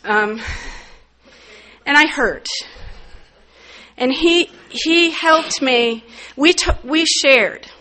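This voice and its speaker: A middle-aged woman from the northern United States giving a candid, wry personal testimony, with sudden loud emphatic bursts. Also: high voice, lively intonation, extremely slow, long pauses, slight background noise. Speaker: recovery meeting speaker.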